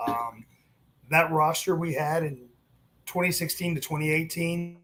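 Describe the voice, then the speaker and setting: Unhurried and on the high side, this man, once a wrestling referee, spins stories in an informal interview. He animatedly voices the things people told him, throwing in profanity and laughter.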